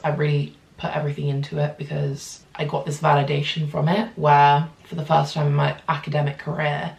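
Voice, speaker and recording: A British woman in her twenties chatting casually through a storytime update, full of fillers and lively asides. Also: low voice, a little fast, gravelly, hardly any pauses, reverberant, rough recording. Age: 20s. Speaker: vlogger.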